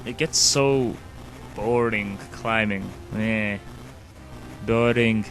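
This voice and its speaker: A man's voice: medium pitch, little pitch movement, drawn-out words, long pauses, fairly bright tone, soft background music. A man giving casual, rambling gameplay commentary as a let's play host, often dropping "like" as a filler. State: sleepy.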